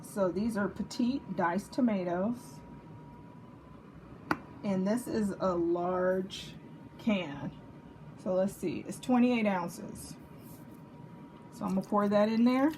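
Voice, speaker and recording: Home cook, woman, Texas accent, mid pitch, chatty and jokey, faint kitchen noise behind. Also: slow, long pauses, a little mellow. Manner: chatty, jokey, checks in with "okay?" and "right?". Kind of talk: casual cooking demonstration.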